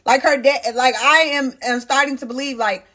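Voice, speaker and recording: A woman vlogger narrating a personal story to her viewers in a casual, emotional, animated way, often talking to them directly. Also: high voice, normal speed.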